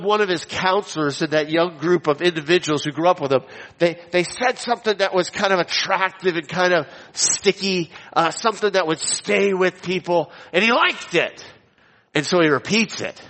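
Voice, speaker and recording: Male preacher, a bit high-pitched, emphatic and repetitive, recorded with a long hall echo. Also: a bit bright. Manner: emphatic, repeats key phrases, slows down for stress. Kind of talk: expository sermon with scripture reading. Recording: long reverb of a large hall.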